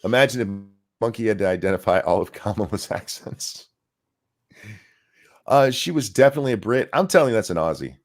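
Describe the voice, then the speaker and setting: A man's voice: lowish voice, animated, a little fast. A man co-hosting a casual podcast, ranting in a crude, mocking, profane way. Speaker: podcast co-host.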